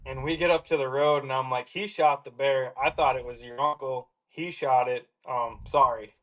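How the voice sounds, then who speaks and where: A man telling a hunting story in a casual, lively way, acting out the lines he quotes. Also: medium pitch, normal speed, highs cut off. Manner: animated, acts out quoted lines. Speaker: hound hunter telling a story.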